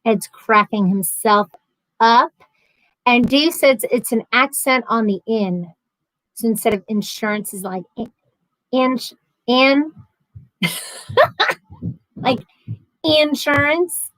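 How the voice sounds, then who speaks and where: A woman's voice: fairly high pitch, slow, long pauses, fairly bright tone, no room sound, low-quality recording. A woman in her thirties hosting a casual livestream from home, chatting and reading out viewer comments with lots of ums and restarts. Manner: chatty, rambling, frequent ums and self-corrections. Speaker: livestream host.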